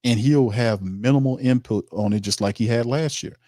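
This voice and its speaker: A man's voice: medium pitch, normal speed, dark tone, no room sound, clean studio sound. A man hosting a sports talk stream, reading chat comments and ranting emphatically in informal, streetwise speech. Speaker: sports show host.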